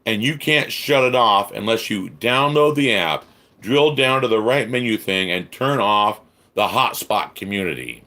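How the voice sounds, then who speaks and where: A man with a fairly low voice rants into his livestream, swearing hard and slipping into sarcastic mock voices. He stammers and restarts as his anger builds. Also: animated, a little slow, pushed and bright. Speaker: livestream host. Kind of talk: angry rant on a livestream, reading chat.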